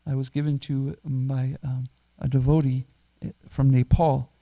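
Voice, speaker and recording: Mellow-voiced middle-aged temple priest. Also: male voice, mid-range voice, level tone, measured pace. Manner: chatty, self-deprecating storyteller who chuckles at himself. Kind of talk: sermon told through a personal anecdote. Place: temple hall.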